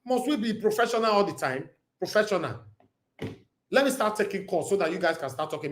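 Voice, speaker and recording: A man's voice: sits high, lively intonation, brisk, fairly bright tone. A man with a Nigerian accent hosting a live-stream call-in show, ranting heatedly and mixing Pidgin with English. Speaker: talk show host. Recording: roomy echo.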